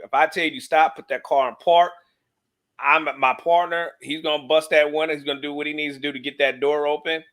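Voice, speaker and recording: A man's voice: on the high side, fairly bright tone. A man co-hosting a casual commentary on a police video, with frequent restarts and fillers. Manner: stammering restarts, many "you know"s. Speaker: co-host.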